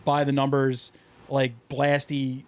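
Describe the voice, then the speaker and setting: A man co-hosting a podcast, chatting casually, telling animated stories with frequent swearing and laughter. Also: mid-range voice, takes it slowly, smooth. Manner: animated storyteller, swears freely, laughs often. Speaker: podcast co-host. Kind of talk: casual chat.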